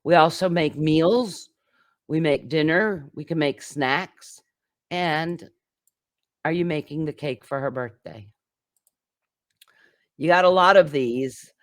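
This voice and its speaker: A man gives a recorded English grammar lesson, talking slowly and patiently through example after example. His voice sits a little high for a man and sounds close and dry, with no room around it. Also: no room sound. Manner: patient explaining with many examples and fillers. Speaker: English teacher.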